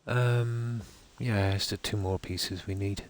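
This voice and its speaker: A man's voice: lowish voice, steady tone, slow. A man from Ireland with an Irish Midlands accent, chatting casually with viewers while he plays, rambling with many fillers. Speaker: streamer.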